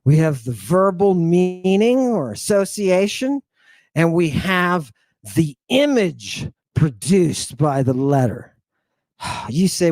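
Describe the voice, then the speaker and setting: A man giving an animated, playful language lesson, slowly repeating words for his students to drill. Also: high-pitched, no echo. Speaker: teacher.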